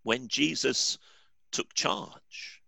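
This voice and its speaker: A man's voice: mid-range voice, extremely slow, vocal fry, bright, forceful tone, husky, no echo. A male pastor preaching a sermon in an earnest, emphatic way.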